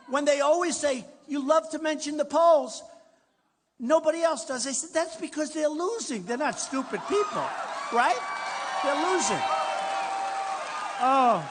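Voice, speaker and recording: An older man with a New York accent giving a rambling, boastful campaign speech to a large crowd in a hall. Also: very high-pitched. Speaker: political candidate at a rally. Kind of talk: rally speech. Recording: roomy hall reverb, faint crowd noise.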